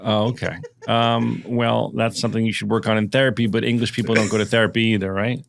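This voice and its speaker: Gravelly-voiced male podcast host. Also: fairly low pitch, flat delivery. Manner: halting, lots of fillers, teasing. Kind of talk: casual podcast chat.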